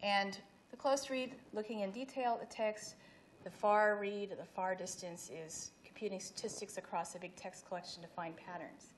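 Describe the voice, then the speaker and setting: A woman's voice: mid-range voice, fairly even intonation, moderate pace, slight background noise. A middle-aged woman giving an academic presentation at an event, explaining slides with frequent restarts. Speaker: speaker giving a talk. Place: event hall.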